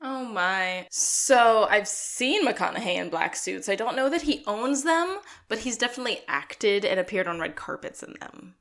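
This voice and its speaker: A woman's voice: mid-range voice, expressive, a bit bright. A woman co-hosting a podcast, chatting casually in a curious, jokey way. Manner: curious, jokey, quick to laugh. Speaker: podcast co-host. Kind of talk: casual rewatch recap chat.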